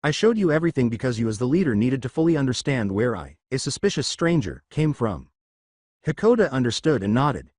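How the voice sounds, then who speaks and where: A man narrating a fan-written story in a steady, scripted read. His pitch moves a lot from line to line. The sound is dry, with no room echo. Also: a little fast.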